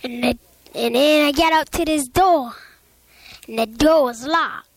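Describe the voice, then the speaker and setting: Very high-pitched child telling a spooky story. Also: female voice, a little slow. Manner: rambling, breathless, Southern-style storytelling with sound effects and laughs. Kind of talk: spooky story told aloud.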